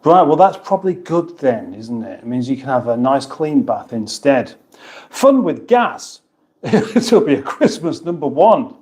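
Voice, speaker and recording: A British man at an ordinary middle pitch hosts a casual livestream. He rambles, reads out viewers' comments and answers them with dry, teasing banter. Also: sing-song, moderate pace, darkish tone. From United Kingdom. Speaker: livestream host.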